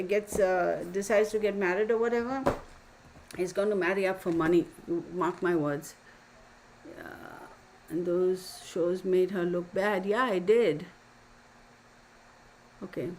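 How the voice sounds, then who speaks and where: A woman's voice: mid-range voice, noisy background. A woman hosting a tarot channel, chatting casually and opinionatedly with her viewers, often calling them y'all. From Texas. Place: home room with open window. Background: neighbor's dog barking.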